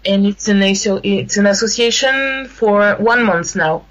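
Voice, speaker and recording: A woman with a French accent, a guest in a radio interview, speaking haltingly and searching for words in English. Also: mid-range voice, fairly bright tone, highs cut off. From France. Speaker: guest, activist.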